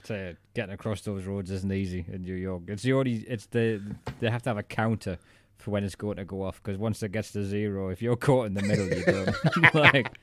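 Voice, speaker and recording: A man's voice: fairly low pitch, brisk, fairly bright tone. A man co-hosting a casual podcast chat, rambling and thinking aloud. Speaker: podcast co-host.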